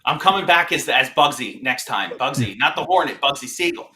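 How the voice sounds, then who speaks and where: A man giving fantasy football picks on a casual sports talk show, halting and heavy with fillers. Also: mid-range voice, animated, bright, forceful tone, a little hiss or hum. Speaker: fantasy football guest analyst.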